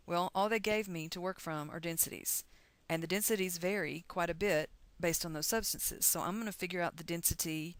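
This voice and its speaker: A woman's voice: fairly low pitch, fairly bright tone, no room sound. A middle-aged woman from the United States teaching chemistry in a recorded lecture, chatty and encouraging as she talks through calculations aloud.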